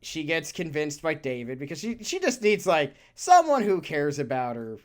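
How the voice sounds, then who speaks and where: Here's a co-host on a podcast, chatting in a meandering, spirited way while swearing easily and laughing often, at medium pitch and a moderate pace.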